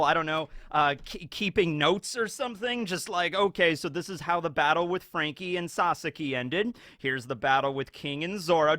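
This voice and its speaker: A man with a high, bright, forceful voice riffs casually as a video host. He talks in an animated, joking way. The sound is dry and close. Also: dry recording. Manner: animated, playful, jokey. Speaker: YouTube host. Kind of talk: casual anime commentary.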